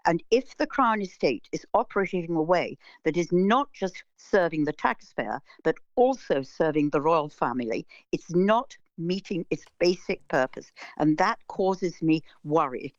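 A woman's voice: on the low side, lively intonation, unhurried, few pauses, no echo, muffled recording. A woman politician speaking firmly and with concern in an interview clip. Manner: firm, concerned.

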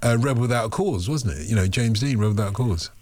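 A man's voice: fairly low pitch, fast talker, darkish tone, no echo. A man hosting a radio phone-in, chatting in a casual, digressive and self-deprecating way.

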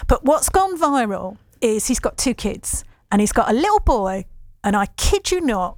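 A woman's voice: fairly high pitch, big pitch swings, normal speed, a little mellow, no echo. A woman hosting a chatty radio show, gushing and enthusiastic, and laughing often.

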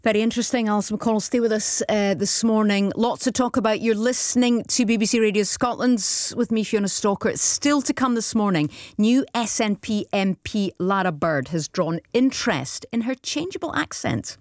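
A woman hosts a morning radio phone-in. She talks briskly and brightly, moving quickly between guests and reading out contact details. Her voice sits at a middle pitch, recorded close and dry in a radio studio. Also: no room sound. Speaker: radio presenter.

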